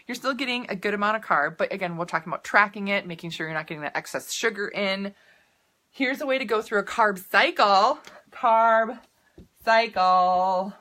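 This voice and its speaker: Bright, chatty woman coach. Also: medium pitch. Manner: chatty and upbeat, drifting into tangents and laughing. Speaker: nutrition coach. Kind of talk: casual live video talk answering viewer comments.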